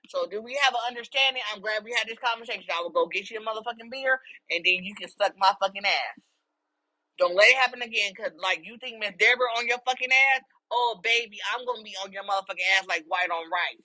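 A woman podcast host in the middle of a heated solo rant, her voice forceful and tense. She swears constantly and pushes her volume up toward a shout. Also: mid-range voice, low-quality recording. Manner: raises voice to near shouting. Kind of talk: casual monologue rant.

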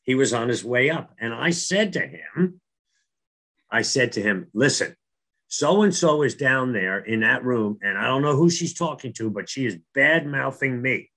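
A man's voice: mid-range voice, animated, measured pace, sharp tone. Earnest middle-aged man telling a story. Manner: earnest, repeats words and restarts. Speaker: guest telling a faith story. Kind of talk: casual storytelling.

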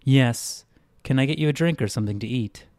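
A man doing a smooth, cold inhuman barmaid. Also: medium pitch, a little fast, a little mellow, no room sound, studio quality, voice pushed up, lightly acted. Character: eerie smooth-voiced female inhuman bartender.

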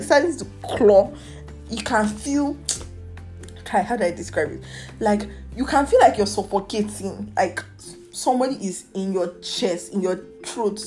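A woman's voice: mid-range voice, darkish tone. A young woman with a Nigerian accent hosting a podcast, ranting candidly and emotionally and dropping in Nigerian slang. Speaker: podcast host. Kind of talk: personal rant podcast.

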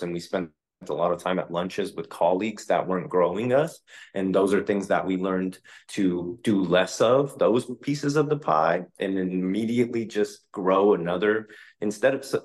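Brief: man in his 30s, very low voice, a realtor talking shop off the cuff, blunt now and then. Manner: candid, conversational, occasional profanity. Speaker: realtor and podcast host. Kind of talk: casual interview answers.

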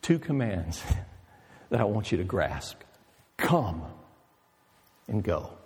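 A man's voice: fairly low pitch, sing-song, takes it slowly, darkish tone, breathy edge, in a large hall. A male pastor preaching an emphatic, storytelling sermon with rhetorical questions.

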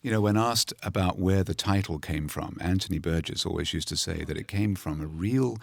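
A man's voice: low voice, brisk, creaky, darkish tone, slight background noise. A man giving informed commentary on a film and prompting his guest with questions. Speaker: film historian co-host of commentary. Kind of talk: commentary interview.

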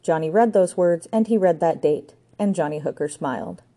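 Low, mellow woman narrating a story. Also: moderate pace. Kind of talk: audiobook narration.

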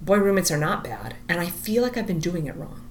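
A woman's voice: fairly low pitch, brisk, a little hiss or hum. A woman in her thirties chatting casually, telling a story and acting out the quotes with lots of "like". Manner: animated, acts out quotes, says "like" a lot.

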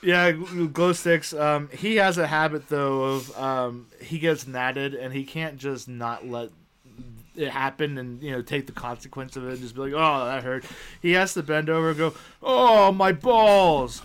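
A young podcast co-host with a clean, medium-pitched voice at normal speed tells family anecdotes in casual chat. He jokes and animatedly acts out the quotes in his stories.

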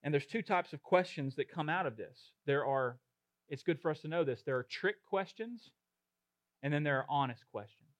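Guy preaching a sermon, kinda high voice, gets loud and punchy with lots of repeating. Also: animated, normal speed, no room sound. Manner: builds to loud emphatic preaching, rhythmic repetition. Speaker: pastor.

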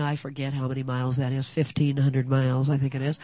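An older woman speaking at a women's gathering, giving a personal testimony as an animated storyteller with lively asides. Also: extremely low pitch, fast talker, few pauses, no room sound.

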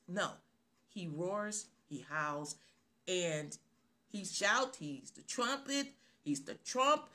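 A woman's voice: medium pitch, lively intonation, takes it slowly, sharp tone, slight background noise. A woman preaching a sermon on a live stream, stressing her points by repeating phrases.

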